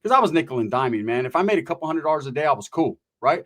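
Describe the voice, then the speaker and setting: A man's voice: on the high side, sing-song, very fast, a bit bright. A middle-aged man from California telling a rambling, profane story in streetwise slang. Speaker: storyteller guest. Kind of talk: casual anecdote telling.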